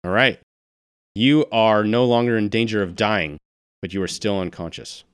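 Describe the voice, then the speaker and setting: A man running a tabletop game as game master, narrating the action in a relaxed, descriptive way between casual banter with his players. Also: fairly low pitch, normal speed, a little hiss or hum.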